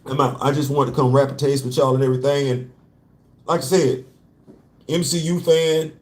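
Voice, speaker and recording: A man's voice: medium pitch, steady tone, normal speed. A man hosting a casual comic-book commentary show, talking animatedly in slang, repeating his points and laughing often. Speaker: host.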